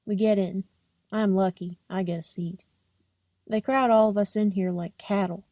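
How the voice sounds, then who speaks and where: A young woman reading a novel aloud as an audiobook in a steady, plain first-person narration. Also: mid-range voice, moderate pace, dry recording, studio quality. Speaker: audiobook reader.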